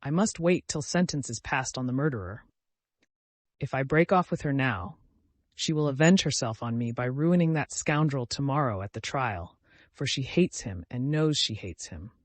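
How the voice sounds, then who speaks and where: A man's voice: mid-range voice, lively intonation, moderate pace, dry recording, natural voice. A male narrator voicing a tormented, irritable young man who speaks sharply and angrily. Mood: bitter. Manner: sharp, angry outbursts.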